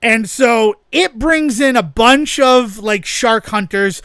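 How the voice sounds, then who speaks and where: A man's voice: very high voice, slow, fairly bright tone, clear, resonant tone, dry recording, studio quality. A man co-hosting a podcast in casual chat, rambling enthusiastically and often laughing as he talks. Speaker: podcast co-host.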